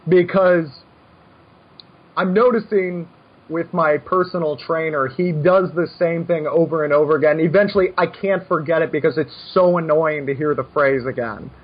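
A man coaching poker in casual chat, brash and animated, given to joking rants. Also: fairly high pitch, moderate pace, husky, dull audio.

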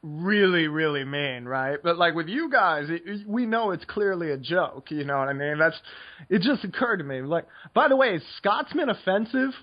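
A man's voice: a little high, lively intonation, moderate pace, lo-fi sound. A tired American man co-hosting a poker podcast, talking casually with lots of fillers while coaching. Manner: rambling, filler-heavy, laid-back.

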